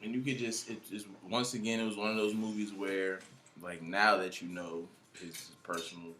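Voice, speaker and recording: A man co-hosting a casual podcast, laid-back, with hype shout-outs. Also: on the low side, little pitch movement, normal speed, a little hiss or hum. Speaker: podcast co-host. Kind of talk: casual chat.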